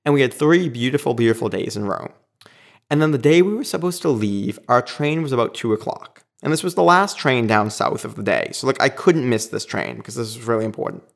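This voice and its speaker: Man telling a lively personal story. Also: medium pitch, fairly quick, creaky. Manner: animated, acts out quoted lines. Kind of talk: casual anecdote telling.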